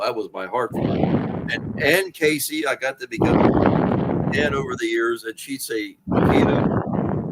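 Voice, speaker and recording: A man in his sixties telling wrestling stories as an interview guest, animated and profane, jumping to much higher pitch when riled. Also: very noisy. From Washington D.C. area. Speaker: interview guest, wrestling author and former manager. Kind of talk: casual storytelling interview.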